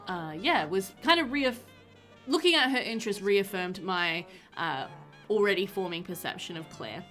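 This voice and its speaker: A woman's voice: mid-range voice, fairly bright tone. Chatty woman narrating a life-sim game. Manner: chatty and rambling, bubbly. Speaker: gaming video creator. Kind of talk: casual game commentary voiceover. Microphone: voiceover recorded after gameplay.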